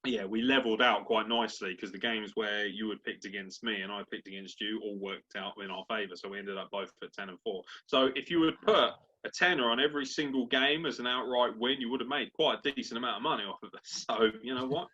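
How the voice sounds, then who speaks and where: A man co-hosting a casual sports podcast, swearing freely and bantering in an animated, crude way. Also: lowish voice, quick pace, few pauses, slightly rough. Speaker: podcast co-host. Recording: dull lo-fi podcast audio.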